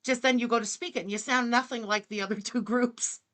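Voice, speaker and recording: A woman's voice: on the high side, fairly even intonation, brisk, heavy background noise. An English-speaking woman doing blunt, sarcastic live-stream reaction commentary, swearing freely. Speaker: streamer reacting to another creator.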